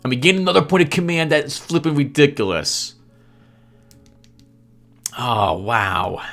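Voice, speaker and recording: A man's voice: on the high side, big pitch swings, measured pace, vocal fry, fairly bright tone, faint music behind. A man giving chatty gameplay commentary as host, laughing often and sounding sheepishly apologetic. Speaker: let's play host.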